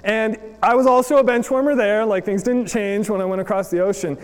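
High-voiced man preaching in a reverberant hall. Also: fairly even intonation, a little fast, smooth. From United States. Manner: chatty, storytelling, many fillers. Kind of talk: sermon with personal story.

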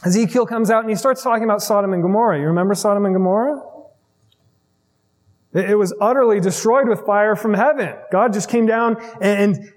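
A man preaching a sermon in a conversational way, often checking in with his listeners with quick asides. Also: sits high. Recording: long reverb of a large hall.

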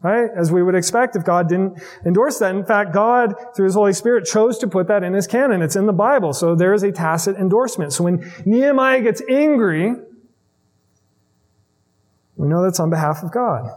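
A man preaching a sermon in a conversational way, often checking in with his listeners with quick asides. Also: sits high. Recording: long reverb of a large hall.

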